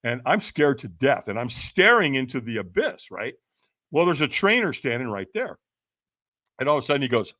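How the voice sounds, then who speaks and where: Animated man telling a dramatic story. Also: fairly high pitch, a little fast, no room sound. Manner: dramatic, acts out quotes, often asks "right?". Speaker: podcast guest.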